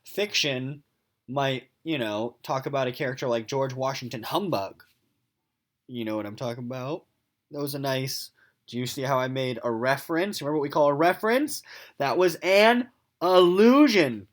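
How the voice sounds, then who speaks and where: A man's voice: medium pitch, moderate pace. A man teaching sixth-grade literature in a recorded remote lesson, explaining terms and reading a novel aloud, restating each point in simpler words and checking in often with "okay?". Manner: animated, keeps checking in with "okay?" and "right?".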